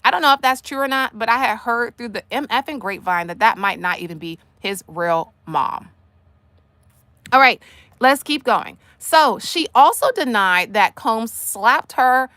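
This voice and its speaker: A woman hosting a casual commentary livestream, sassy and animated, talking straight to the people she discusses. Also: a little high, unhurried, no room sound. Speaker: livestream host.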